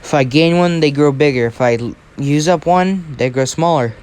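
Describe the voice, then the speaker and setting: A man's voice: fairly high pitch, normal speed, darkish tone, clean tone, natural voice. A man voicing a cocky, taunting teen boy who deals in souls, in a casual, rambling way.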